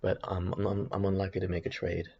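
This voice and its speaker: A man's voice: low voice, monotone, fast, vocal fry, darkish tone, dull audio, a little hiss or hum. A man thinking aloud while commenting on his trading charts, hesitant and rambling with frequent restarts. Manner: hesitant, rambling, many restarts and self-corrections. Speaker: options trader streaming his chart analysis.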